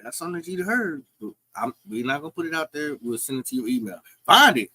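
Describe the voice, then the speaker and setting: A man, insistent in a heated casual debate, repeating himself, his voice jumping high. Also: big pitch swings, quick pace, bright, forceful tone, no room sound.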